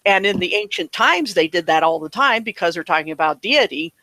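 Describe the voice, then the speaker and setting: A man's voice: high-pitched, animated, fairly quick, sharp tone, dry recording, low-quality recording. A man in casual online talk, answering a question with earnest, rambling explanations and restarts.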